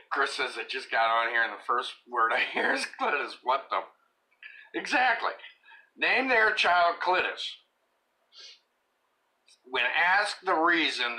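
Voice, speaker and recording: A man hosting a casual live-stream chat, joking crudely and laughing loudly. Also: medium pitch. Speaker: live show host.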